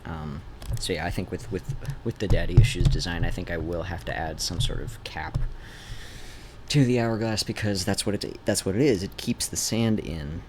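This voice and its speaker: A man's voice: low-pitched, animated, normal speed, vocal fry, background noise. A man streaming while he sketches, thinking aloud, trailing off and restarting, with a faint Canadian-like North Idaho accent. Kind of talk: rambling drawing stream. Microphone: desk mic.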